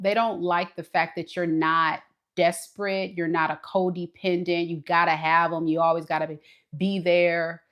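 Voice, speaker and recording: A woman giving a casual tarot reading straight to the viewer, expressive and dramatic as she acts out what the other person thinks. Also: on the low side. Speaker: tarot reader.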